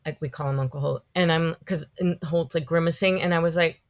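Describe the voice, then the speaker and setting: A woman in her fifties, a podcast guest, telling animated, rambling stories in a casual interview. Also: low voice, quick pace. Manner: animated, rambling storytelling full of "like".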